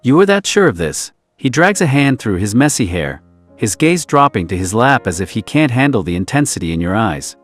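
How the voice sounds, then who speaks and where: A man's voice: lowish voice, very animated, fairly quick, soft background music. Intimate male romance-story narrator. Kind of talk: reading a romance role-play story aloud.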